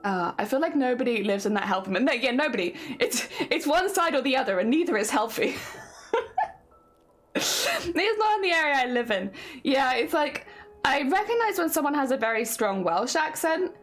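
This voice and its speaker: Young woman, southern English accent, bright higher voice, casual stream chat, faint music behind. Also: big pitch swings, normal speed. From southern England. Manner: chatty, laughs often.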